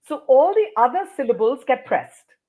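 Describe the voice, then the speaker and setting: A woman's voice: high voice, sing-song, normal speed, darkish tone. A woman with an Indian English accent, a guest educator explaining pronunciation in an interview, emphatic and teacherly.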